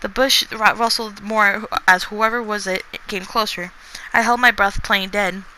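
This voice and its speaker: A woman's voice: mid-range voice, fairly even intonation, measured pace, pushed and bright, slight background noise, poor audio. A woman reading a chapter of her own book aloud, often stumbling and restarting words and stopping to comment on her writing. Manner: stumbling reading with frequent restarts and self-corrections. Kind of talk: casual read-aloud of a story chapter.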